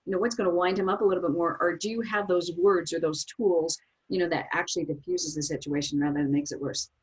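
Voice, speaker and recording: A woman in casual discussion, talking fast in a lowish, husky voice. She fills her sentences with "you know" and keeps asking "right?". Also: fairly even intonation, poor audio. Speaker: guest on officiating.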